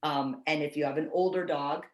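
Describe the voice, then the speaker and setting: A woman's voice: low voice, fairly even intonation, moderate pace, darkish tone, reverberant, rough recording. A woman training service dog owners over a video call, chatty and self-deprecating, often restarting her sentences. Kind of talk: casual online training talk.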